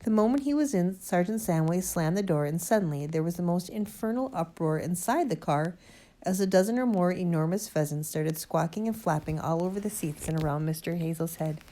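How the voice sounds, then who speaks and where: A woman narrating a children's storybook aloud in an expressive, lively way. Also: on the low side, fairly quick. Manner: lively expressive reading, first-person boy narrator. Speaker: audiobook reader.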